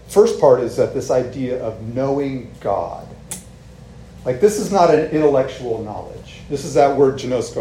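The pastor's medium-pitched voice is warm as he delivers a conversational, informal sermon, regularly tossing a "right?" to the congregation. His echoey surroundings carry faint ambient noise.

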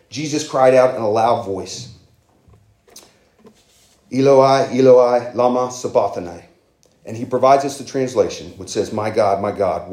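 A man's voice: on the low side, darkish tone, reverberant. A man preaching a sermon as pastor, earnest and conversational, with emphatic rises.

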